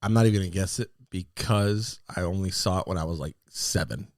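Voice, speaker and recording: A man co-hosting a casual podcast chat, rambling with lots of fillers and sudden excited outbursts. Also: low-pitched, a little fast, no echo, studio quality. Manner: animated, excitable bursts between rambling fillers. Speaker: podcast co-host.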